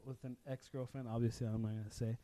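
A man's voice: medium pitch, fast talker. A young man co-hosting a casual podcast, telling an embarrassing story with lots of laughter and swearing. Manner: animated storyteller, laughs often, swears freely. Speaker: podcast co-host.

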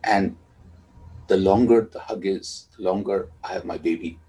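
A man, a father, telling a tender personal story in a soft, reflective way. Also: low-pitched, moderate pace, poor audio.

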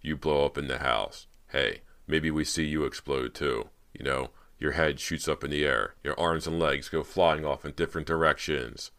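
Low-voiced guy doing a creepy smooth film director, super deep. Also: moderate pace, hardly any pauses. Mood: eager. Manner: persuasive, turns menacing and eagerly excited.

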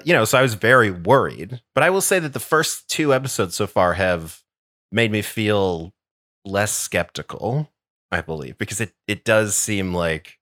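Man podcast co-host, very low voice, measured, dry studio sound. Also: a bit bright, no room sound. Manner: measured, hedging, laughs easily. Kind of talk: casual panel discussion.

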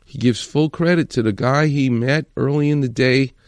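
A man's voice: mid-range voice, normal speed, no echo. A man hosting a show, retelling a story with enthusiasm and acting out quoted lines. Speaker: host. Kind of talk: storytelling commentary.

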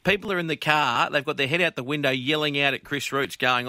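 A man's voice: on the high side, fast talker, sharp tone, no echo. An Australian man hosting a radio racing panel, joking and laughing with the panellists. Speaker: host. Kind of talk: casual radio panel chat.

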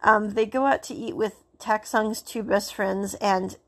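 A woman's voice: mid-range voice, fairly even intonation, a little slow, fairly bright tone. A woman casually recapping and reviewing a drama, rambling and circling back with "so anyway". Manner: rambling, keeps saying "so anyway".

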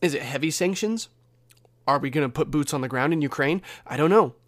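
A man's voice: a little high, brisk. American man giving casual war commentary. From United States. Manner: conversational, thinking aloud with restarts and hedges. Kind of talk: unscripted news commentary.

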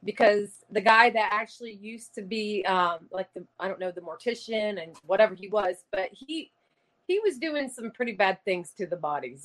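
A woman telling a ghost encounter in an interview, halting and repeating words, laughing between lines. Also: mid-range voice. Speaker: paranormal investigator guest. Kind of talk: casual storytelling interview.

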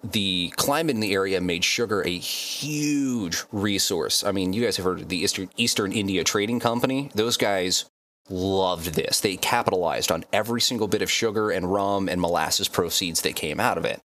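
A man with a somewhat low voice talks through facts on a casual podcast. His delivery is laid-back and conversational, with casual swearing mixed in. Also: normal speed, fairly bright tone. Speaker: podcast guest presenting facts.

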